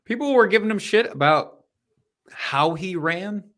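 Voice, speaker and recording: A man's voice: high-pitched, expressive, a little slow, fairly bright tone. A man co-hosting a casual podcast, laid-back, swearing and laughing often. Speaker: podcast co-host.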